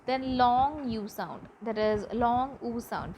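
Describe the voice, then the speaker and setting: A woman teaches pronunciation, speaking slowly and repeating each example word with care. Her voice sits fairly high. A faint hiss runs under the recording. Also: darkish tone, low-quality recording. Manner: slow, careful, repeats example words. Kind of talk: classroom lesson on pronunciation.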